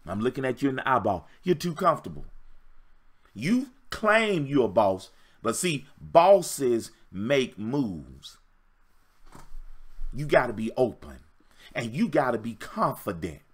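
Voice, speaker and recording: A man's voice: medium pitch, fairly bright tone. A man giving a livestream dating-coach talk, preacher-like, emphatic and repetitive with call and response.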